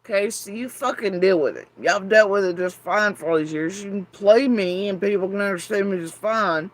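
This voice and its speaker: Deep-voiced Appalachian woman ranting. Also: normal speed. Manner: profane, sarcastic ranting. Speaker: vlogger. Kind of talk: angry monologue to camera.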